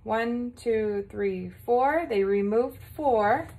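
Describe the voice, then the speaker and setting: A woman with a fairly high voice teaching a recorded morning lesson to small children. She talks patiently and warmly encourages them, checking in often as she counts along. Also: extremely slow.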